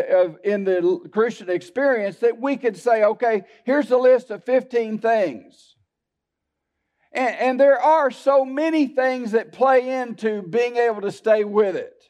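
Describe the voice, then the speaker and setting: A male pastor with a notably high voice, preaching in a folksy, storytelling manner. He keeps turning to the congregation with asides. The sound is dull and lo-fi, like an old church recording. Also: darkish tone. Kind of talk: sermon. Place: church sanctuary.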